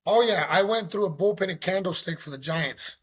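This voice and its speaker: A middle-aged man from Mexico, a former pro pitcher, telling stories in a casual interview, animated and acting out phone calls. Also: fairly quick, slightly rough. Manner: animated, acts out phone calls, says "you know" often.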